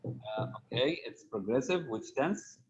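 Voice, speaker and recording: A man's voice: mid-range voice, expressive, a little slow, slight background noise. A man teaches grammar to students on an online call. He asks question after question and patiently repeats each answer back to them. The sound is slightly dull and lo-fi. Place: remote video call.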